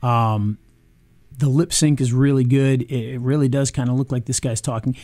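A man casually reviewing software on screen, chatty, with frequent ums and restarts. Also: mid-range voice, steady tone, moderate pace, no room sound. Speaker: video marketing reviewer.

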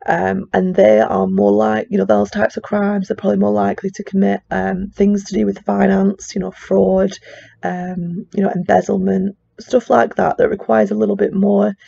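A woman's voice: mid-range voice, normal speed, vocal fry, warm tone. A woman with a strong regional English accent gives a chatty classroom lecture, full of fillers and casual asides. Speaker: psychology teacher. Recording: dull, dry lo-fi recording.

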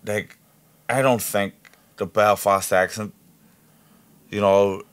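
A man's voice: on the low side, takes it slowly, smooth. A man hosting a podcast, telling stories in a casual chat and acting out the voices of the people in them. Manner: animated storyteller who acts out quoted voices, swears freely. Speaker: podcast host.

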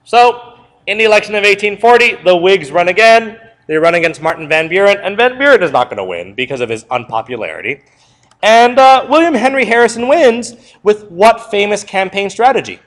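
A young male teacher reviews a history unit with his class at a brisk, conversational pace, his fairly high voice leaping up and down in pitch. Lively, he fires off questions and answers them himself, recorded from a bit of a distance in the room.

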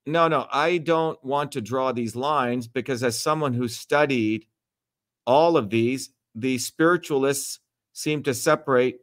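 A man's voice: medium pitch, fairly bright tone. A man hosting a livestream Q&A, talking bluntly and emphatically, lecturing and swearing freely. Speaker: host. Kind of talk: livestream Q&A talk.

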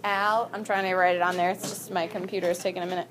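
A woman's voice: on the low side, little pitch movement, fast, crowd noise. A woman teaching a vocabulary lesson in a classroom, upbeat and calling on students by name.

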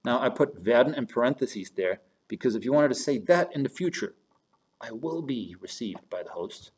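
A man's voice: medium pitch, animated, normal speed, a little mellow, husky. A man teaching German grammar in a recorded lesson, going step by step between German and English phrases and talking to his students as "you guys".

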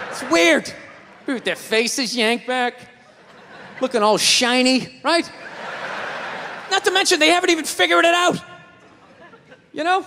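A man doing stand-up comedy, loud and profane, ranting and mocking people in put-on voices. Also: extremely high pitch, a little hiss or hum. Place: comedy club stage. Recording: live club recording with crowd laughter. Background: audience laughing.

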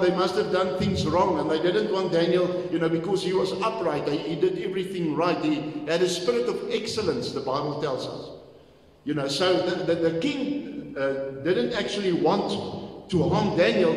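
A man preaching a sermon, reading scripture slowly and explaining it with many fillers. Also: sits high. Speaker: pastor. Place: church hall. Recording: echoey church hall from far off.

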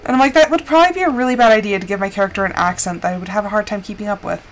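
A woman's voice: mid-range voice, racing, faint music behind. A woman streamer chatting casually while playing a game, rambling with lots of filler words. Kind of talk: casual gameplay chat.

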